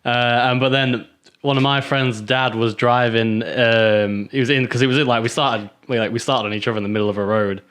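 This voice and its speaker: A young man co-hosting a podcast in a relaxed, chatty way, laughing often as he tells loose stories. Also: mid-range voice, fairly quick. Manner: laid-back, chuckles often, loose storytelling. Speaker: podcast co-host. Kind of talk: casual chat.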